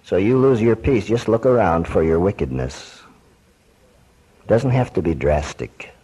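A man's voice: fairly low pitch, expressive, a little slow, mellow, husky, low-quality recording. A man preaching a sermon, quoting scripture and questioning his listeners.

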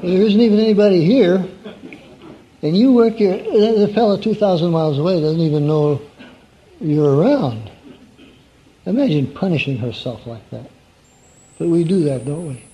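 A man's voice: high-pitched, moderate pace, long pauses, dark tone. Folksy man preaching an evening sermon. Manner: conversational, folksy, asks the audience questions. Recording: dull lo-fi recording.

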